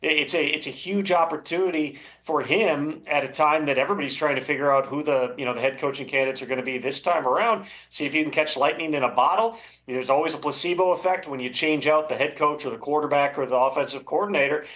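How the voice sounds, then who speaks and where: A man working as a football insider, giving measured, thoughtful analysis as an interview guest, with frequent fillers. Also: fairly high pitch, a bit bright. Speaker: NFL insider.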